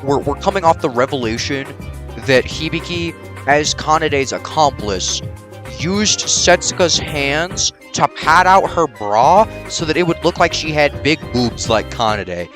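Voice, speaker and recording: A man hosting a let's play, giving casual, excitable gameplay commentary full of swearing and sarcasm. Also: on the high side, unhurried, music in the background.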